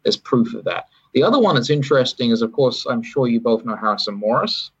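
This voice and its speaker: A man's voice: medium pitch, expressive, fairly quick, vocal fry, slightly rough. A British man talking in a casual, rambling interview, often correcting himself and adding wry asides. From Britain. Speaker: sports federation chief executive, podcast guest. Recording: dull, lo-fi podcast audio.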